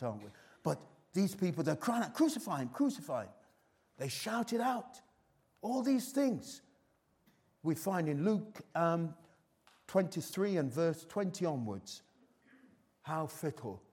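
Chatty, fairly high-voiced male preacher. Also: darkish tone. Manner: chatty, teasing the congregation between points; asks many rhetorical questions. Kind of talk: live sermon. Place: church hall before a congregation.

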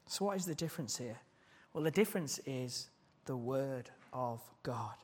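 Man, sermon, earnest, questioning, slightly high pitch. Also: expressive, moderate pace, husky. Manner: earnest, asks the congregation questions. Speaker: preacher.

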